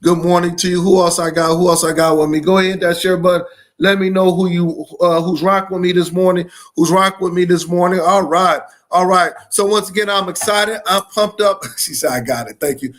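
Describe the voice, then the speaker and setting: A man from Michigan hosting a live education stream, greeting viewers with energetic, repetitive shout-outs. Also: sits high, a little fast. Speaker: host of live education show.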